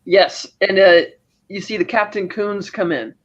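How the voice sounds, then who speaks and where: A man co-hosting a podcast, casually retelling a film's scenes and acting out the characters' lines. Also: measured pace. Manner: animated retelling, acting out lines with raised pitch. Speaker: podcast co-host. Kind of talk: casual film recap chat. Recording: dull lo-fi audio.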